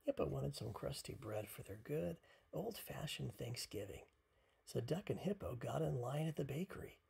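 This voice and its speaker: A parent reading a picture book aloud at bedtime, softly and half-whispered. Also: mid-range voice, animated, creaky, husky. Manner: soft, half-whispered, unhurried.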